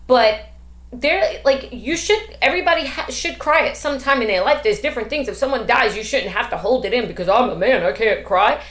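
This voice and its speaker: A middle-aged grandmother hosts a podcast, talking emphatically in a casual discussion full of rhetorical questions. Her voice is fairly high, fairly quick and a bit bright, recorded in an echoey room.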